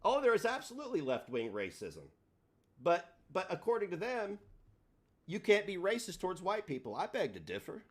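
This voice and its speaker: A man hosting a livestream, ranting in a combative, profane way, his delivery swinging between loud and soft. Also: high voice, wildly swooping pitch, normal speed, breathy edge. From United States. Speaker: livestream host.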